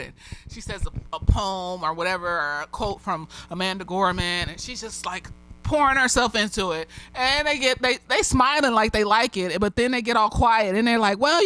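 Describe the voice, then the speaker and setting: Bright-voiced tipsy woman rambling a TV recap. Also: mid-range voice, no echo, poor audio. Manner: rambling, profane, laughs often. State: slightly tipsy. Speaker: TV episode reviewer. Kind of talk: casual chatty TV recap.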